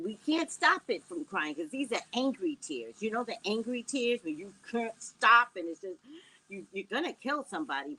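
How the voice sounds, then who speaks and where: Animated woman chatting to her viewers. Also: lowish voice, a little hiss or hum, rough recording. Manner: animated, jokey, talks to viewers and chat. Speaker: psychic livestream host. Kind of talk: casual livestream chat. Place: home indoors. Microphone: no external mic.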